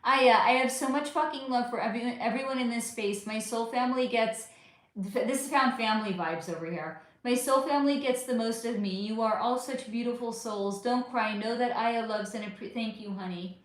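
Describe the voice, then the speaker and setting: A fairly high-pitched American woman talks casually to her livestream viewers, warm in her words and quick to curse. Her voice rings around a very echoey room. She keeps calling her audience honey as she answers their comments. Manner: affectionate, swears freely, calls viewers honey. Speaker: livestream host. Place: at home under a bright light.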